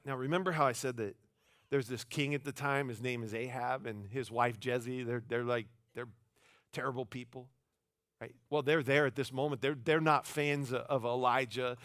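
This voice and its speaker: A pastor giving a sermon in a church, telling the story in a casual, animated way with playful voiced asides. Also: male voice, fairly high pitch, no echo, clean studio sound. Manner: casual, conversational phrasing with many restarts.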